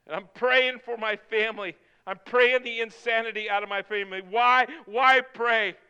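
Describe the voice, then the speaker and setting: A man preaching a sermon, swinging from hushed, slow prayer to shouted appeals. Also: very high-pitched, steady tone, smooth, highs cut off. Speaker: pastor. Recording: long hall reverb.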